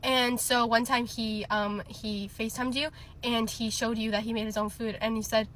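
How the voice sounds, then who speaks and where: Young woman, chatty storytime teller, laughs a lot, brightish higher voice. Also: flat delivery, normal speed, a little hiss or hum. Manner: chatty, laughing often, many fillers. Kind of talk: casual storytime.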